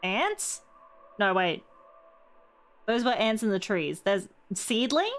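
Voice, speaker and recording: A young woman streaming a game, thinking aloud and turning excitable as she works through its puzzles. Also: medium pitch, takes it slowly, faint music behind. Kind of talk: live game stream commentary.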